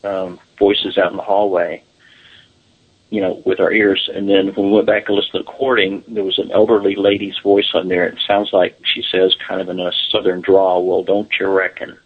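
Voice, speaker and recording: Man, paranormal investigator guest, husky low voice, unhurried halting delivery, muffled lo-fi call. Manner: relaxed, halting storytelling with fillers. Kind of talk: casual interview talk.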